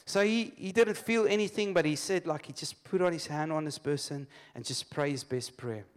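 Male preacher with a higher-pitched voice. He leads call-and-response and tells stories loosely. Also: moderate pace. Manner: lively call-and-response, laughs often; storytelling, loose restarts. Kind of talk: sermon. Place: church congregation.

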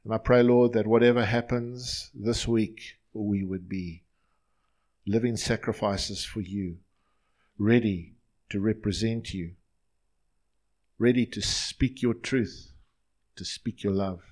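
A man's voice: fairly low pitch, fairly even intonation, takes it slowly, pauses often, a little mellow. A male pastor leading his congregation in an earnest, line-by-line prayer during a sermon in a church.

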